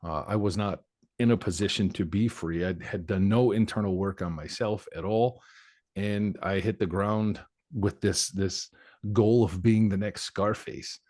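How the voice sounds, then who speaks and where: A man's voice: fairly low pitch, a little slow, darkish tone, no echo, clean studio sound. A man in his forties, a podcast guest telling his life story in a candid, reflective way. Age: 40s. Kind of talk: personal life story in conversation.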